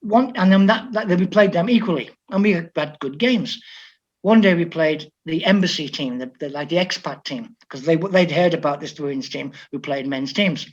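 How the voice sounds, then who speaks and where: A man's voice: fairly high pitch, moderate pace. A man from England, a football coach, telling stories in an interview and acting out the dialogue of the people in them. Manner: lively storyteller who quotes others in dialogue. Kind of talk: conversational anecdote telling. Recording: slightly dull lo-fi audio.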